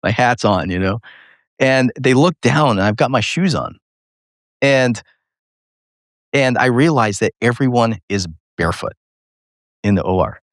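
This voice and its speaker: A male neurosurgeon and podcast host telling a personal story in an interview, animated and laughing often, with many fillers. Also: medium pitch, unhurried, long pauses, no echo, clean studio sound.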